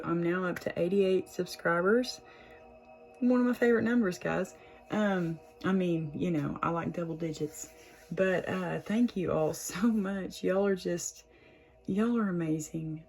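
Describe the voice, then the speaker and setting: A woman's voice: on the low side, poor audio. Chatty woman reading tarot. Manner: chatty, warm, lots of "y'all" and laughs. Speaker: tarot reader, channel host. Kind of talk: casual tarot reading to camera.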